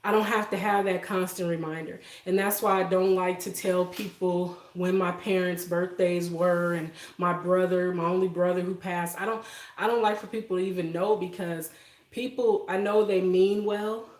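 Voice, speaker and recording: A woman's voice: on the low side, fairly even intonation, moderate pace. Emotional woman chatting in a roomy kitchen. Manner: emotional, soft-spoken, laughs often. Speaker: livestream host. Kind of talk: casual live-stream chat with viewers. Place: home kitchen.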